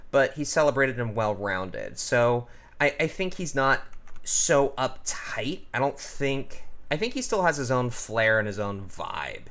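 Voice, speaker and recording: A man's voice: medium pitch, a bit bright. A man talking casually as he draws, thinking aloud with lots of ums while he explains character voices. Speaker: character designer and voice artist. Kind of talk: casual drawing and voice tutorial.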